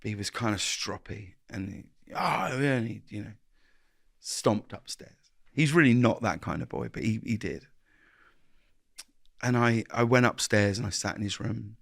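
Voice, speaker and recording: A man's voice: on the low side, normal speed, creaky, pauses often, no echo, clean studio sound. A man, a guest speaking earnestly in an interview, often restarting his sentences and acting out little exchanges of dialogue. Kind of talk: reflective interview conversation.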